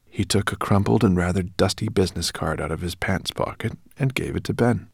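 A man narrating a fantasy audiobook in an expressive storytelling manner. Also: low-pitched, fairly quick, vocal fry, breathy edge, dry recording, clean studio sound. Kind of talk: scripted narration.

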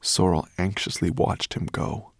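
A man narrating a story in an expressive, dramatic way. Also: low-pitched, measured pace, vocal fry, no echo, clean studio sound. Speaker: audiobook narrator. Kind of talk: scripted narration.

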